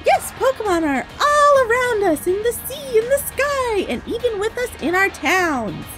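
A woman's voice: very high voice, sing-song, unhurried, over loud music, exaggerated voice. A woman reading a grand male game presenter's dialogue aloud, announcer-like. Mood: proclaiming.

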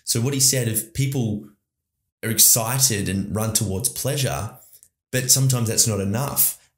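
A man with an Australian accent hosting a podcast, talking in an enthusiastic, rambling motivational monologue to his listeners. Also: mid-range voice. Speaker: podcast host. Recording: roomy echo.

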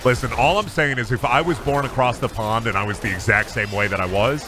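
A man's voice: mid-range voice, fairly even intonation, brisk, over music. A young man from Iowa streaming a game, rambling crudely and mocking himself, swearing often. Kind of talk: casual gaming stream commentary.

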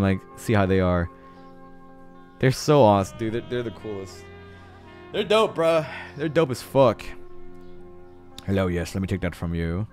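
A young man streaming a game live, chatting casually, swearing a lot and laughing often. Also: medium pitch. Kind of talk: casual live-stream chat while gaming.

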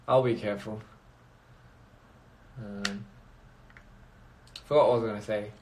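A man's voice: on the low side, steady tone, unhurried, pauses often, slight background noise. A man chatting casually on a phone livestream, rambling and reading out viewer comments. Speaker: livestream host.

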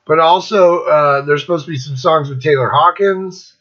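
A man's voice: on the high side, normal speed, a bit bright, dull audio. A man in his fifties hosting a casual rant, blunt and profane, rambling between thoughts. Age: 50s. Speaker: host.

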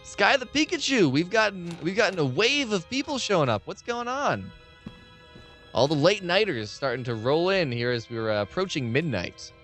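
A man's voice: sits high, big pitch swings, moderate pace, fairly bright tone, faint music behind. A man chatting loosely with viewers while streaming a horror game, rambling and swearing freely. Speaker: gaming live streamer. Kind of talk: casual live-stream game commentary.

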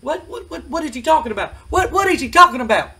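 A flustered wrestling manager, as a man puts him on sputters repeated questions in a high, stammering voice. He sounds thrown and indignant at once. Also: very animated, fast talker, sharp tone, recorded from a distance, full character voice. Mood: baffled. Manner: sputtering, confused.

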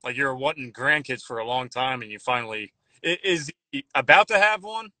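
A man chatting casually as a guest, rambling and halting with frequent restarts. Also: mid-range voice, lively intonation, pushed and bright, no room sound. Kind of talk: casual chat. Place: Nashville.

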